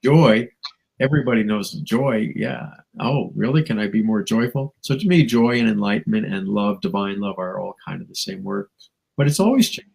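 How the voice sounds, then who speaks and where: Gravelly, husky-voiced man musing spiritually. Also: lowish voice, normal speed, a little mellow, poor audio. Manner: musing, with chuckles and playful voiced asides. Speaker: spiritual teacher guest. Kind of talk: reflective spiritual talk show conversation.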